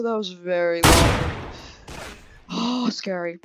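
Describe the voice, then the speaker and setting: A woman chatting through her game in an excitable way, her pitch leaping around as she reacts. She talks slowly and unhurriedly between outbursts, with loud game music and gunfire behind her. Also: vocal fry. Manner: excitable, exclaiming and gasping at the game. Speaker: gaming channel host. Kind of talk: casual game commentary.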